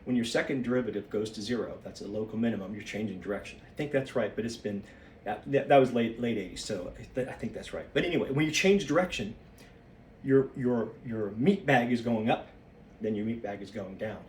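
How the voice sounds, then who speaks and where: Breathless low-voiced man thinking aloud. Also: brisk, a little mellow, reverberant, far from the mic, slight background noise. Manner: rambling, loses his train of thought. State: slightly out of breath. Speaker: solo practice vlogger. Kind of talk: thinking aloud while exercising.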